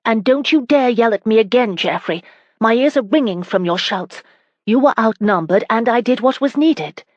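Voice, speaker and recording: Woman doing a teary noble lady, high and strained, stubborn too, storybook read. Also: fairly even intonation, a little slow, no room sound, dull audio. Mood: defiant. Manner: high, sobbing pleas. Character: young noblewoman, tearful but defiant.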